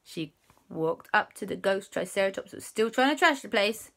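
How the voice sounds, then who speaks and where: A woman spins a silly children's tale aloud, her voice bright and sparkling. She narrates with a lively, sing-song lift. The telling feels playful and improvised. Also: moderate pace, gravelly. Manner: animated, voices characters with big pitch jumps. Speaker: children's storyteller. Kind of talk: improvised bedtime-style storytelling.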